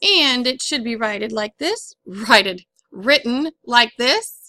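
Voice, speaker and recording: Bright-voiced woman teaching a phonics lesson. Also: on the high side, big pitch swings, slow pace, no echo. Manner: clear, patient, step-by-step instructing.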